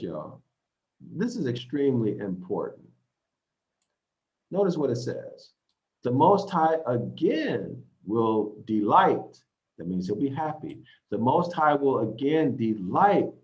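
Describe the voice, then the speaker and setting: A man teaching scripture who reads verses aloud, explains them, and keeps checking in with "okay?" and "right?". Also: medium pitch. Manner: repeats points, asks "okay?" and "right?". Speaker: Bible teacher. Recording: slightly dull lo-fi audio.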